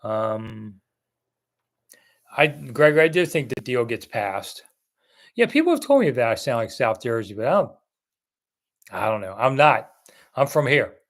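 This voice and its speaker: A man's voice: medium pitch, sing-song, unhurried, long pauses. A man from Washington, D.C., hosting a casual live-stream chat, rambling as he answers viewer comments one by one. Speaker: host.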